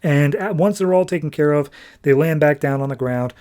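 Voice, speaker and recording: A man on a podcast casually recaps a comic book, talking in a loose, rambling way. His voice sits a little higher than most men's. He keeps sprinkling in "like" as he goes. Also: a little fast, a little mellow. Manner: loose, chatty retelling full of "like" and quoted dialogue. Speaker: podcast host.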